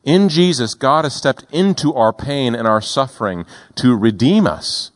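A male pastor preaching a sermon in a deliberate, emphatic way, slowing down on key words. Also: mid-range voice, lively intonation.

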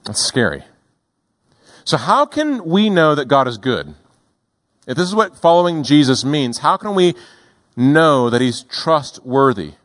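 Deliberate man preaching a sermon. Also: on the high side, sing-song, a bit bright. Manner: deliberate, emphatic, slows for key words. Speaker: pastor.

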